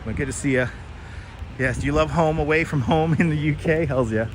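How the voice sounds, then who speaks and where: A man's voice: fairly high pitch, moderate pace, a little hiss or hum. A man hosting a casual live walking-tour stream outdoors, chatting and greeting viewers by name on a clip-on mic. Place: outdoors on a city street. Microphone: wireless clip-on mic.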